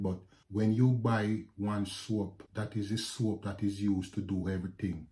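A man with a Jamaican accent, telling a personal story to his viewers in a lively vlog, often calling out to them. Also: low voice. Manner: animated, addresses viewers as guys. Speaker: vlogger. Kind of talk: casual storytelling to camera.

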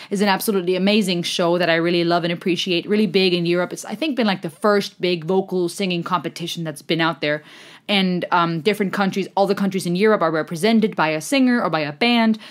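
A young woman hosting a music reaction vlog, talking straight to her viewers in an effusive, excited way, thinking aloud and laughing often. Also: lowish voice. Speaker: music reaction channel host.

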